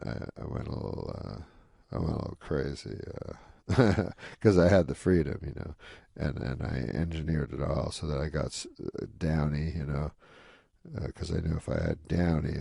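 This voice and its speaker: Low gravelly guy rambling through showbiz stories, dry studio sound. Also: moderate pace, no echo. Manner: rambling, deadpan, lots of "you know". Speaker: comedian guest. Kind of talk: casual anecdote-telling. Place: radio studio.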